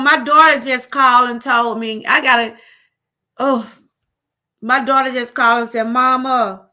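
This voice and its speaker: A woman's voice: fairly high pitch, sharp tone. A middle-aged woman with a Southern US accent, chatting on her live stream in a rambling, repetitive way and calling her viewers y'all. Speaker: livestream host. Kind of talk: casual live-stream chat.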